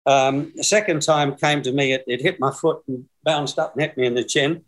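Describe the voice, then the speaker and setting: A man's voice: mid-range voice, fairly even intonation, moderate pace, fairly bright tone. A man in his sixties with an Australian accent, a guest telling long, rambling stories and chuckling through them over a video call. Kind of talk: casual storytelling.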